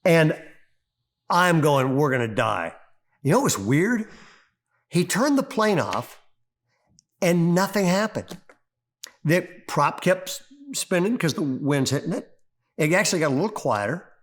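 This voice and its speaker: A middle-aged male pastor preaching a sermon, telling a story with rising excitement. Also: high-pitched, measured pace, pauses often. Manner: animated storyteller, voice climbing when excited.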